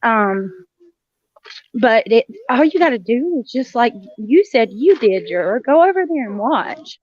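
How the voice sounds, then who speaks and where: A middle-aged woman, talking earnestly and haltingly on a livestream panel from her car. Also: a little high, big pitch swings, darkish tone, dry recording. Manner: earnest, halting, with many fillers. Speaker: juror on a panel. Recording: dull, lo-fi, dry call audio from a car.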